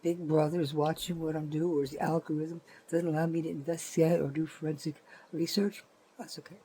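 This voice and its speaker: An older woman talks in a low, mellow, husky voice. She rambles through a profane, indignant vlog rant, restarting her sentences as she goes. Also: rough recording. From New Jersey, USA. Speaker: vlogger.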